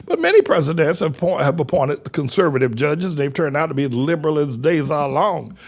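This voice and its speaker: A man, a church pastor, giving animated sermon-style commentary with a stammering, repetitive delivery and loud outbursts. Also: a little high, normal speed.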